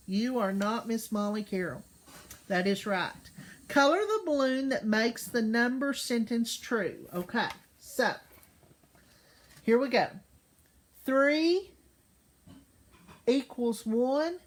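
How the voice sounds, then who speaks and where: Woman teacher, recorded class for small kids, unhurried, higher voice, asks lots of questions. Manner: slow, patient, asks questions and checks in with "okay?". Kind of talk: recorded class lesson for young children.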